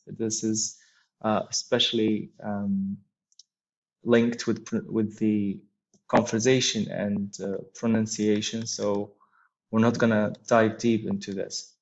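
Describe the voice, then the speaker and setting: A man's voice: lowish voice, dull audio. A man teaching English, explaining words and phrases patiently and repeating them, with frequent fillers. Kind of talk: slow explanatory lesson.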